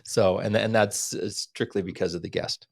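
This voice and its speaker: A man hosting a podcast, earnest and rambling, often dropping to a soft near-whisper. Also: fairly low pitch, steady tone, normal speed, creaky, no echo, studio quality. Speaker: podcast host. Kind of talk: casual interview chat.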